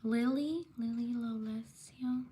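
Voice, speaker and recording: Slow, husky high-voiced woman streamer. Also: steady tone, dark tone. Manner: slow, drawn-out name reading with quick apologies. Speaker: live stream host. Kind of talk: live stream shout-outs.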